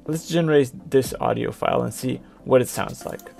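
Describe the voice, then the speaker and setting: Male tutorial presenter, gravelly mid-pitched voice, explains each click plainly, faint music underneath. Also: moderate pace, a little mellow. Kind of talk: screen-recorded software walkthrough.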